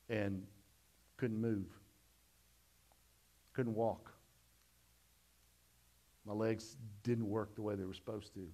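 Middle-aged man, pastor giving a sermon; lower voice, folksy testimony, dynamic swings. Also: little pitch movement, takes it slowly, long pauses. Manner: folksy storytelling testimony, swings from loud to hushed.

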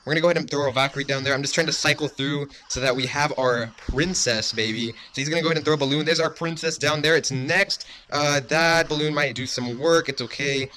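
A man's voice: on the high side, fast talker, hardly any pauses, sharp tone, a little hiss or hum. A young man giving gushing, overexcited commentary while playing a mobile game. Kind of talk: excited gameplay commentary.

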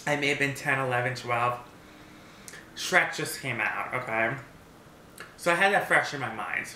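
Bright-voiced man rambling in a roomy echo. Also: mid-range voice, normal speed, a little hiss or hum. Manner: rambling storyteller, many restarts and fillers. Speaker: mukbang vlogger. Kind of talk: casual chat. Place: home, seated eating at a table.

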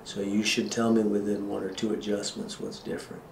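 A man with a lowish voice explains x-ray findings to his patient in a relaxed, joking way. He sounds like a chiropractor at work in an exam room. The room is echoey, with faint noise behind him. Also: brisk, gravelly. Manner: casual, joking, talks as he shows.

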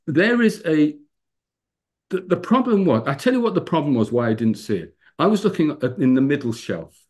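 A man in his fifties preaching a sermon over a video call, telling personal stories with lively pitch rises for emphasis. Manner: animated storyteller, rising pitch for emphasis.

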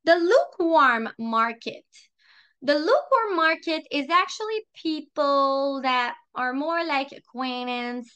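A woman with a French accent, coaching listeners in a lively, chatty way and acting out sample phrases. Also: sits high. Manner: lively, chatty, repeats herself. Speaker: sales trainer. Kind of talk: coaching talk with role-played examples.

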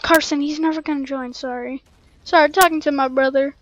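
A woman casually commentating her gameplay in an excitable, rambling way, full of playful slang, on a cheap home mic. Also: sits high, fairly quick, highs cut off. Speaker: gameplay streamer. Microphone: cheap desk mic.

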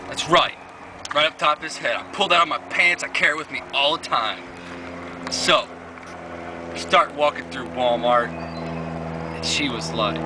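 A man's voice: medium pitch, pushed and bright, slight background noise, poor audio. A man telling a crude comic story in a profane, swaggering, boastful way.

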